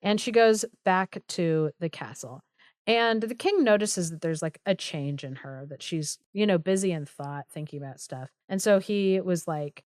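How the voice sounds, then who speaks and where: A young woman co-hosting a podcast, retelling a fairy tale in a loose, chatty way full of filler words. Her voice sits slightly low. The sound is close and dry, with no room echo. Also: moderate pace, darkish tone. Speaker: podcast co-host. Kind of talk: casual storytelling chat.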